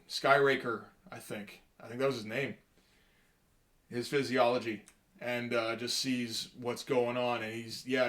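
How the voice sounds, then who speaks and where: A man casually talking through a comic book page by page in a halting, rambling way, with wry asides. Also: medium pitch, fairly bright tone.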